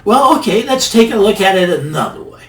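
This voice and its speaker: Emphatic man, lively roomy monologue. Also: sits high, a little fast. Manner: emphatic, repeats phrases for effect. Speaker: finance channel host. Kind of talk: casual monologue commentary. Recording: roomy, mic a bit distant, faint ambience.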